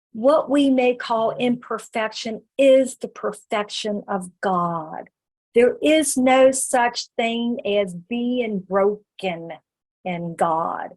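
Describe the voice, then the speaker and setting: Woman minister, sermon, high voice, unhurried emphatic delivery. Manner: slow, emphatic preaching with drawn-out phrases. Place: church sanctuary.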